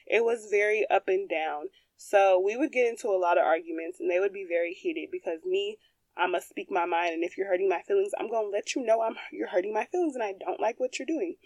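A young woman shares her story on her podcast, candid and emphatic, talking straight to her listeners. Her voice sits at a middle pitch. The recording is close and dry. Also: a little mellow, dry recording. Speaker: podcast host. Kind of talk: personal testimony.

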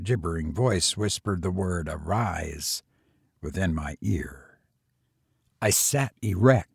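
A man reads a gothic tale aloud in a solemn, measured way. His voice is low and husky, with a gravelly fry, and the recording is close and dry. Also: darkish tone, no echo. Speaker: narrator. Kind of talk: dramatic reading of a gothic tale.

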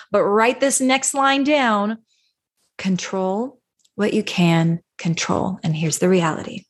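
Breathy woman coaching listeners. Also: mid-range voice, a little slow. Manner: coaching, emphatic, role-plays example phrases. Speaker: parenting podcast host. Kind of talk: solo podcast teaching.

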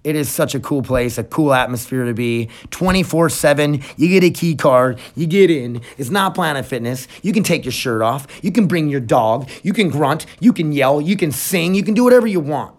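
A man hosting his own podcast, talking casually and bluntly with frequent swearing, switching from hyped gym promotion to quieter personal reflection. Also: a little high, normal speed, hardly any pauses. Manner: blunt, profane, energetic then reflective. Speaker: podcast host. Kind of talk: casual solo podcast talk.

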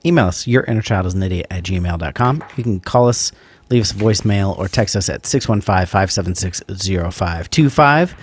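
A man co-hosting a podcast, running through the outro and thanking patrons in a brisk, playful way. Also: low-pitched, animated, breathy edge. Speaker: podcast co-host.

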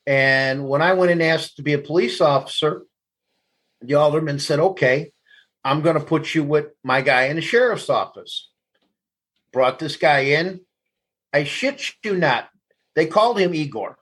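A man's voice: a little high, fairly bright tone, slightly rough, low-quality recording. A man, a guest telling blunt, profane stories in an interview. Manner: blunt, profane, laughs through anecdotes. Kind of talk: candid storytelling interview.

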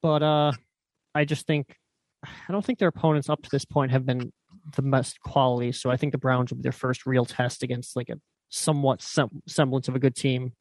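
A man's voice: mid-range voice, fairly even intonation, normal speed, a little mellow, dry recording. A man chatting casually as co-host on a sports podcast, offhand and rambling.

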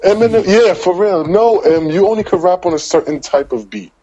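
A man's voice: high voice, expressive, fairly quick, dull audio, crowd noise. A man in casual hip-hop talk, opinionated and emphatic, with plenty of swearing.

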